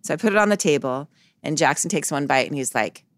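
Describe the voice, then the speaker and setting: A woman's voice: sits low, lively intonation, fast talker, dry recording. A woman psychologist, a guest in a podcast interview, telling stories earnestly and acting out the quoted dialogue.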